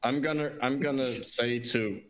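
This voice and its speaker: A man's voice: medium pitch, normal speed, rough recording. A man playing a tabletop game, speaking in a hesitant way. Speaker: player.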